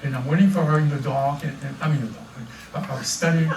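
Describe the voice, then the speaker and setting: An older man with a French accent preaches in a high voice, tripping over his words and repeating them as he builds his points. He is heard from a distance in an echoey church hall, with a faint hiss of room noise. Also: fast. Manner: repeats words, stammering restarts, animated. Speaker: pastor. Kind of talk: sermon.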